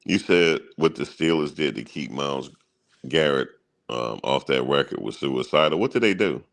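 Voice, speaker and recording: Man, extremely deep voice, sports channel host, casual slangy banter, chuckles at his stories. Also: expressive, normal speed, creaky, a bit bright.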